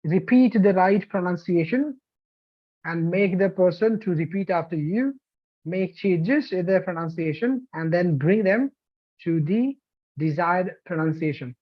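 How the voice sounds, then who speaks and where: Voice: medium pitch, lively intonation, a little slow. An instructor from India with an Indian English accent, teaching a live online demo lesson and often checking in with "okay?" and "you know". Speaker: TEFL course instructor. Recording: dull lo-fi online class audio.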